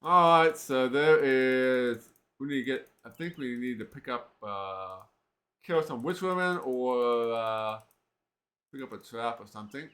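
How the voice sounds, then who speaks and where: A man's voice: mid-range voice, a little slow, a bit bright. A man streaming an old computer role-playing game, thinking aloud casually with lots of filler words. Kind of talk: let's play commentary.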